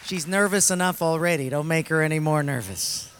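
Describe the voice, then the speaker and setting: A man's voice: fairly high pitch, brisk, a crowd in the background, background noise. A man, a pastor, preaching emphatically in a large arena and then chatting playfully with a guest onstage. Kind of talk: sermon and stage interview.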